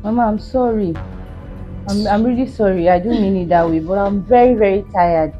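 A woman's voice: medium pitch, normal speed, dark tone, dull audio, soft background music, close to an everyday voice. A woman playing a tired, pregnant Nigerian young wife in a comedy skit, pleading and apologetic.

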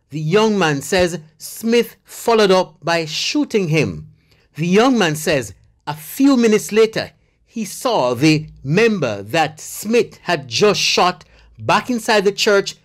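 A news reporter reading a scripted voiceover in a measured, formal delivery. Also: mid-range voice, expressive.

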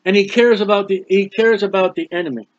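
A high-voiced American man teaching a Bible study, moving from slow, careful scripture reading into homespun explanation. The recording is dry and muffled, like an old lo-fi tape, with no room sound at all. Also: dry recording. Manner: reads scripture slowly, then explains in plain folksy asides.

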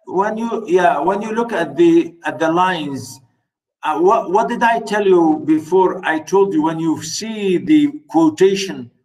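A man teaching a literature class online, reading quotations aloud and questioning his students in an animated way. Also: fairly high pitch, rough recording. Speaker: literature lecturer.

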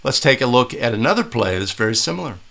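A man's voice: medium pitch, very animated, fast talker, gravelly, a bit bright. A middle-aged man breaking down game clips for referees, talking casually and often checking in with "right?". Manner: conversational, asks "right?" often. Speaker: basketball officiating instructor. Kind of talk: video breakdown commentary.

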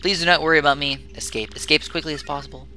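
Male base computer, stiff formal delivery, bright timbre, game voice, put on by a man. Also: fairly high pitch, steady tone, a little hiss or hum, pitched above the performer's own voice. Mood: solemn. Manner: stiff, formal, measured speech.

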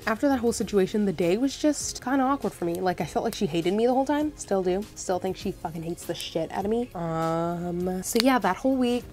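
A young woman tells a story to camera in a loose, chatty vlog style, full of "like" and blunt swearing. Her voice sits at an ordinary pitch for a woman. Faint music plays softly behind her. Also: animated, fast talker, few pauses. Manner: chatty, frank, lots of swearing and "like". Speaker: vlogger.

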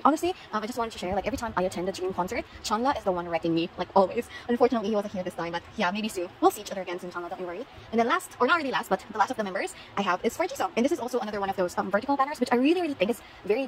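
A woman's voice: medium pitch, a little hiss or hum, low-quality recording. A woman showing off her concert haul in a casual vlog, gushing and repeating herself. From Philippines. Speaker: vlogger.

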